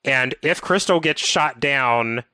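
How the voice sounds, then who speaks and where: Bright, clear-voiced man hosting a podcast. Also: medium pitch, slow, no echo. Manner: detailed, methodical game walkthrough talk. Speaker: podcast host. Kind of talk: casual podcast chat.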